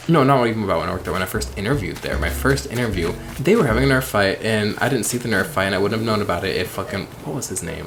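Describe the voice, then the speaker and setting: A sleepy man chatting casually and rambling while playing a game late at night, with sudden excited squeals. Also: deep voice, gravelly, noisy background. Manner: rambling, self-deprecating, bursts of excited squeals. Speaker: streamer.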